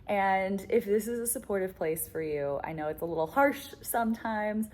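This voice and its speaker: A woman's voice: mid-range voice, normal speed, a little mellow. A young woman talking candidly to camera as a relationship coach, chatty and blunt, full of "like" fillers, swearing and laughing often. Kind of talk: candid casual monologue to camera.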